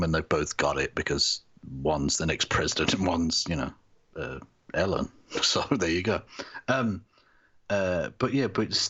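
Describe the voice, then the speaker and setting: A man's voice: on the low side, a bit bright. A man co-hosting a podcast in casual chat, ranting with plenty of profanity. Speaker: podcast co-host. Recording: dull lo-fi audio.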